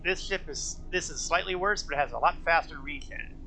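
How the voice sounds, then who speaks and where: Chatty gravel-voiced streamer man. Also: on the high side, brisk, pushed and bright, slight background noise, poor audio. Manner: chatty, self-mocking, thinks aloud. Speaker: streamer playing an online game. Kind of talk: casual live-stream commentary.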